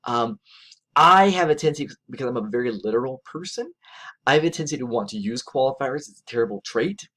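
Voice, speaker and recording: Guy lecturing, chatty and animated, voice jumps all over, keeps saying right?. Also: fast. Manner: animated, conversational, acts out quotes in a higher voice; frequent "right?" tag questions. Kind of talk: recorded lecture.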